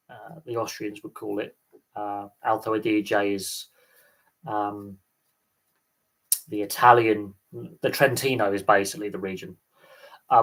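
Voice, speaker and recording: Rambling English man chatting on a live stream. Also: on the low side. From England. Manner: rambling, animated, swears casually. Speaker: host. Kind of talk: casual live-stream chat.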